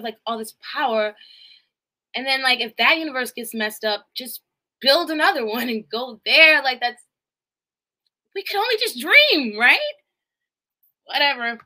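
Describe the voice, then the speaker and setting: Woman streamer doing a casual recap, rambling and profane, with a bright, slightly high voice. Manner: rambling, swearing, animated, laughing asides. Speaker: live streamer. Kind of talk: casual movie recap chat.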